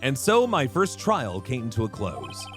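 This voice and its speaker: A man narrating as a young defense attorney looking back on his case, reflective and slow. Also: mid-range voice, huge pitch swings, faint music behind.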